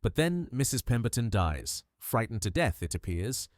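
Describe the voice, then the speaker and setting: A man reading a mystery audiobook with measured, dramatic storytelling. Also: on the low side, sing-song, no echo, studio quality. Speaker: narrator. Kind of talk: scripted audiobook narration of a mystery.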